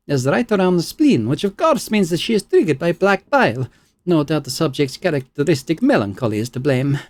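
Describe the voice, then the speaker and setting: A man's voice: a little high, a little mellow, pitched above the performer's own voice. An eager, fussy woman scholar voiced by a man for a fantasy game, chirpy and clinical. The voice sits well above his own and swoops all over the place. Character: excitable female scholar studying souls.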